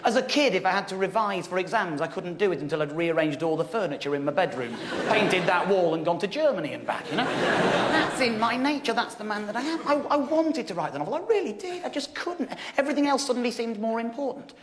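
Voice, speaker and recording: A man's voice: high-pitched, very animated, brisk, noisy background. Wry man telling a comic story. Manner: wry, exasperated, self-mocking delivery with frequent laughter. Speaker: stand-up comedian. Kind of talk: stand-up storytelling. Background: audience laughter.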